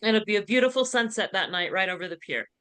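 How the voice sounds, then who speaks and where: A woman's voice: medium pitch, quick pace, fairly bright tone, a little hiss or hum. A woman on a panel chiming in with short, upbeat remarks.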